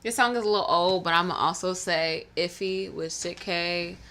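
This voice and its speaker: A woman from Southern Maryland co-hosting a podcast, reading listener comments in a giggly, excitable, casual way with some swearing. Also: fairly low pitch, normal speed. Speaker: podcast co-host.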